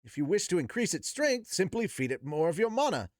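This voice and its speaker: Zenoba, a high formal young prince as a man puts him on. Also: very animated, brisk, no room sound, studio quality. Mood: earnest formal. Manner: polite, formal.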